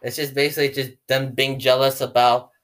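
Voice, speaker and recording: A man's voice: mid-range voice, little pitch movement, fairly quick, fairly bright tone. A teenage boy hosting a casual podcast chat, rambling with many fillers and laughs. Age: teens. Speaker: podcast host.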